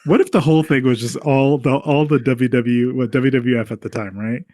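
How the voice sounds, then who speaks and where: A man's voice: medium pitch, steady tone, moderate pace, warm tone, no room sound, clean studio sound. A man co-hosting a casual movie-review podcast. He jokes, is sarcastic and laughs between remarks. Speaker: podcast co-host.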